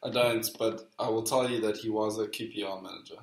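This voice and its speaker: A man's voice: on the low side, fairly even intonation, brisk, roomy sound, poor audio. A man co-hosting a football podcast, playfully reading quiz quotes to his friend in casual chat. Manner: playful, reads quotes aloud. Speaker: podcast co-host, quiz master.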